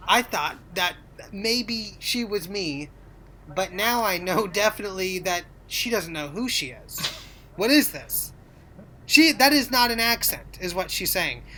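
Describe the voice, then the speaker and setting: A woman co-hosting a podcast, telling stories in an animated way and acting out the dialogue. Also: medium pitch, unhurried, a little hiss or hum, low-quality recording. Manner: animated storyteller, acts out dialogue with laughs. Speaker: podcast co-host. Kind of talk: casual podcast chat.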